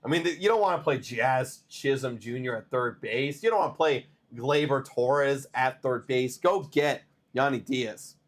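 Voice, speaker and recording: A man hosting a live baseball stream, chatting to viewers and reading trade news in a rambling, excitable way while tired. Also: medium pitch, a little slow, hardly any pauses. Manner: excitable, rambling, talks to chat. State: tired, yawning. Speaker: baseball livestream host.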